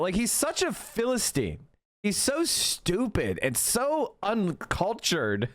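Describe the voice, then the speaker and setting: A man's voice: huge pitch swings, takes it slowly, dry recording. Ranting, profane streamer man. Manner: ranting, profane, mocking, swings between shouting and low mutters. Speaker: streamer reacting to a video. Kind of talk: livestream reaction commentary.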